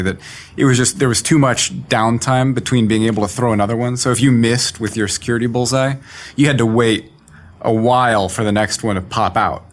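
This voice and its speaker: A man, a game developer, recalling his work in a casual interview with lots of fillers and rambling phrasing. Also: medium pitch.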